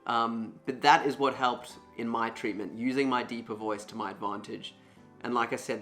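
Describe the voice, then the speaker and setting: A young man talking casually to camera about his own voice, relaxed and full of fillers. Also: mid-range voice. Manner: relaxed, filler-heavy, conversational. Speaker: vlogger sharing his voice disorder story.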